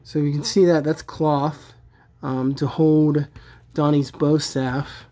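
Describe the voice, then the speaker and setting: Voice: mid-range voice, little pitch movement, takes it slowly, mellow. Chatty, enthusiastic toy reviewer. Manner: chatty and enthusiastic, many fillers. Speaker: toy collector reviewing action figures. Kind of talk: casual product review vlog.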